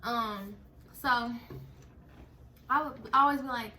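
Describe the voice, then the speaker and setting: High bright-voiced young woman. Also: takes it slowly, a little hiss or hum. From Texas. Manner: animated, breaks into laughter, dramatic retelling. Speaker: storyteller host. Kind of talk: casual storytime chat.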